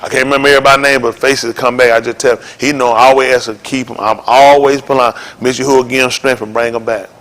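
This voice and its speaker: A man preaching an informal sermon to his congregation in a folksy, joking way that rises to shouts. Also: medium pitch, little pitch movement, fast, few pauses. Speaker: congregation leader.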